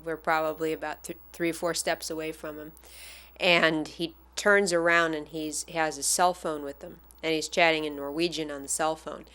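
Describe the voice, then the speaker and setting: A woman casually telling a personal anecdote as a fan, animated and acting out the people she quotes. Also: low-pitched, normal speed. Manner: animated, acts out the voices of the people in her story.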